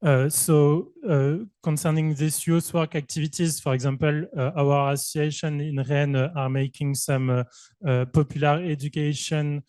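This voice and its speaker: A man's voice: a little high, level tone, moderate pace, darkish tone, smooth, no room sound. A man from Brittany with a French accent, a researcher and youth worker speaking on a panel, hesitant and full of filler sounds. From Brittany, France. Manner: hesitant, many filler sounds, self-conscious. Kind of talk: panel discussion.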